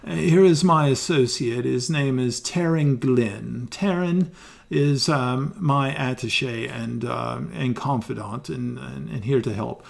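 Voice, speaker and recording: A man playing a slow, courteous ancient elf. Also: medium pitch, creaky. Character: kindly very old male elf ambassador.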